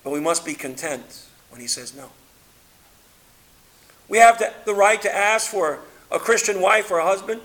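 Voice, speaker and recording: A man preaching a sermon, reading scripture aloud and swinging between loud emphatic peaks and quiet low passages. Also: moderate pace, long pauses. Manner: reads scripture aloud in King James wording.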